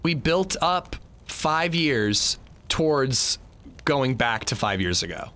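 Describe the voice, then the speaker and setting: A man's voice: mid-range voice, very animated, slow pace, sharp tone. A man streaming a video game, chatting casually with friends in a rambling, restarting way and swearing often. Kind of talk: casual chat while gaming.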